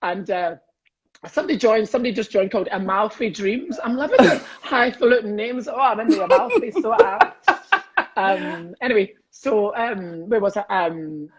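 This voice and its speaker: A man's voice: high-pitched, lively intonation, normal speed, slightly rough. A Scottish comedian in his fifties, chatting cheekily and rambling on a video call, often laughing at his own jokes. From Scotland. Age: 50s. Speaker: comedian guest. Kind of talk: casual livestream chat.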